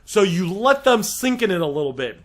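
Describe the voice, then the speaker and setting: Emphatic, high-voiced male sales coach. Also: big pitch swings, moderate pace, fairly bright tone. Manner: direct, emphatic, addresses listeners as guys. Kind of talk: teaching a sales script.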